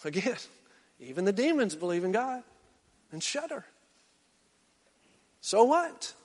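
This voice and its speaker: A male pastor preaching a sermon, swinging from loud exhortation down to hushed, intense near-whispers. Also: high voice, sing-song, a little slow, in a large hall.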